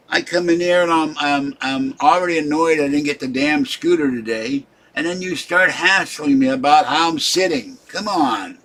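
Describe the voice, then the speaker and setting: Casting note: older male live-stream host, husky voice, cranky and grumbling at his viewers. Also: a little high, fairly bright tone. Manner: irritable, scolding viewers in the chat. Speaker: livestream host. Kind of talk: rambling live-stream chat.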